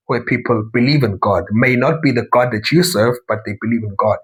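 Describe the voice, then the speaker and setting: South African man, husky conversational monologue. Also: mid-range voice, brisk, fairly bright tone, rough recording. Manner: rambling, conversational, frequent asides and self-corrections. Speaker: talk show host. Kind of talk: casual monologue commentary.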